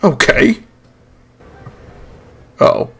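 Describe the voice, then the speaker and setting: An English man doing jokey let's play commentary over a video game, swearing and laughing at himself. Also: extremely slow. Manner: jokey, swearing, self-mocking. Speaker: gaming YouTuber.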